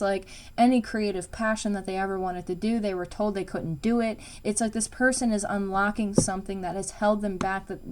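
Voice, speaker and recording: A woman's voice: medium pitch, a little mellow, slight background noise. A woman giving a casual spoken tarot reading, rambling and emphatic, with lots of fillers and frequent swearing. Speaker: tarot reader.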